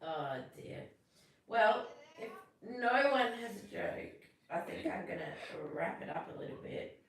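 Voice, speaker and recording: A woman's voice: a little high, expressive, unhurried, gravelly, far from the mic, slight background noise. Chatty woman in an echoey room. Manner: chatty, self-deprecating, tells corny jokes. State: a little sick. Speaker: live stream host. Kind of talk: casual live stream chat. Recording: echoey room, away from the mic.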